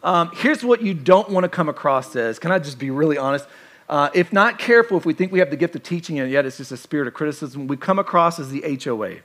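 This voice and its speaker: A male pastor delivers a sermon in a lively, conversational way, with playful asides to his listeners. His voice sits a little higher than most men's. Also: quick pace.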